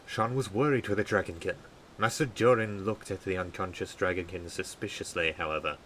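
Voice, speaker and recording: A tired man streaming a game live, reading a story draft aloud in a measured way and stumbling over words. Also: low-pitched, fairly even intonation, a bit bright, slight background noise, low-quality recording.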